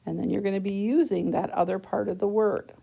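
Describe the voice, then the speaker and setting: A woman's voice: mid-range voice, steady tone, a little fast, vocal fry, warm tone, husky. A woman teacher patiently walking students through a worksheet, step by step, checking in with a frequent "okay?". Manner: talks students through each step of the task. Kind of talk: worksheet lesson recorded for students.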